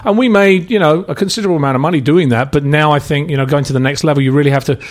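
A man's voice: fairly high pitch, very fast. A middle-aged man from England, a charity founder and actor, talking in a casual interview with many restarts and fillers.

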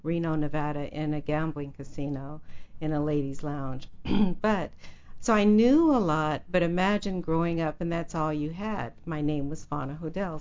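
Low-voiced woman telling her story. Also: dull audio. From United States. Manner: animated, dramatic storytelling. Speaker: guest, author. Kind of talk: storytelling in an interview.

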